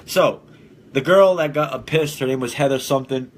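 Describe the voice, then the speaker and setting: A man's voice: medium pitch, moderate pace. A young man hosting a casual solo podcast, blunt and profane, who often laughs at his own jokes. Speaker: podcast host.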